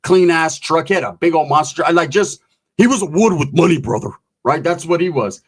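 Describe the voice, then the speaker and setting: A man telling a profane, comedic story in an animated, swaggering way, full of slang. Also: on the high side, fairly quick, slightly rough.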